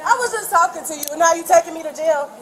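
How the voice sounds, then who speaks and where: Defiant high-voiced woman at an airport. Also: fast talker. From American Midwest. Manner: loud, defiant, talks over others. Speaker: angry airline passenger. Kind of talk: heated argument with police. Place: busy airport terminal. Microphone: police bodycam. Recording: bodycam audio in noisy crowd. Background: loud crowd chatter.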